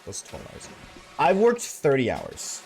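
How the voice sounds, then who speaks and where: A man's voice: medium pitch, huge pitch swings, takes it slowly, vocal fry, a little mellow, a little hiss or hum. A man streaming a game and chatting casually with his viewers, laid-back and slangy, reading chat aloud.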